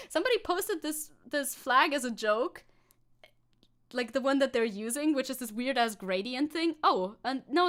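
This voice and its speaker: High-voiced German-accented woman streamer, sarcastic, swears freely, laughs often. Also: fairly bright tone. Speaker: VTuber streamer. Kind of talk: casual live-stream commentary.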